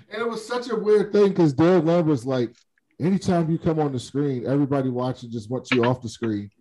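Here the co-host's voice sits fairly high, and he talks at a moderate pace over some hiss or hum in poor audio. Chatting casually on the podcast, he relays a conversation with animation and keeps breaking into laughter.

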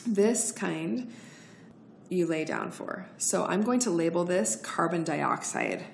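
A woman's voice: lowish voice, big pitch swings, a little slow, gravelly, a little hiss or hum. A woman hosting a podcast, giving chatty, encouraging breathwork instructions straight to her listeners. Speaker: podcast host. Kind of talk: casual instructional talk.

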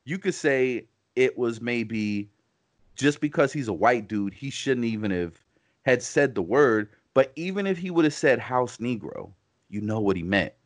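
A man's voice: mid-range voice, animated, unhurried. A man co-hosting a casual podcast, talking in long rambling runs full of "you know" and restarts. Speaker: podcast co-host. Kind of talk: casual conversational podcast chat.

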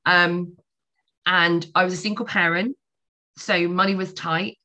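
A woman's voice: fairly low pitch, fairly even intonation, measured pace, pushed and bright. A woman in her forties, a podcast guest telling her personal story candidly, swearing freely.

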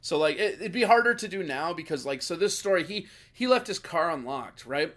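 A man telling revenge stories on a podcast in a casual, animated, profane way. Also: on the high side, fairly quick. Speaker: podcast guest. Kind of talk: casual storytelling.

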